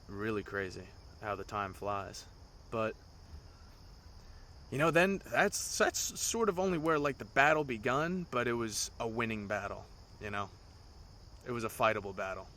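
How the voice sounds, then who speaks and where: A man's voice: on the low side, steady tone, measured pace, pushed and bright, a little hiss or hum. A man in his twenties telling his own story on a solo podcast in a loose, rambling way, swearing often. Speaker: podcast host. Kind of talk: casual storytelling monologue.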